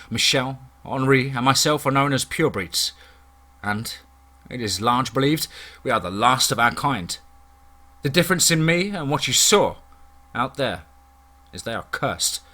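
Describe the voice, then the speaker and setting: A man narrating a first-person horror story in a steady, dramatic storytelling manner. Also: mid-range voice.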